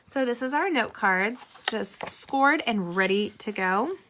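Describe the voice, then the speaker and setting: A woman's voice: a little high, expressive, slow, bright, forceful tone, a little hiss or hum. A middle-aged woman hosting a casual live card-making tutorial, chatty and rambling with personal asides.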